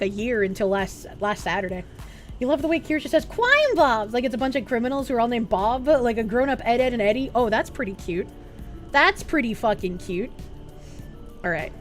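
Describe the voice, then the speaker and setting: A woman streamer chatting casually with her viewers, swearing freely and thinking out loud as she reads their messages. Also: on the high side, a little fast, soft background music. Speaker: live streamer reading chat.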